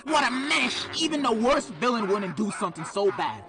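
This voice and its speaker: High, animated man in mock-dramatic comedy commentary. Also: a little fast, hardly any pauses, over music. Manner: mock-dramatic, swings from low deadpan to shouting. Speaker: comedic book reviewer.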